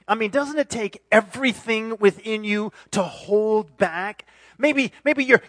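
A man in his forties preaching a sermon in an animated, self-deprecating way, full of restarts. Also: high voice, dry recording. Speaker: pastor.

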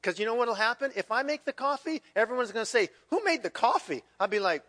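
Male pastor, high voice, casual animated sermon delivery, lots of restarts. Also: fast. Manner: conversational, animated, many restarts and repeated words.

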